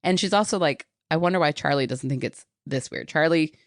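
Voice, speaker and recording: A woman's voice: deep voice, brisk, dry recording, studio quality. A woman podcast host in casual chat, animatedly retelling a book's plot and acting out the characters' lines.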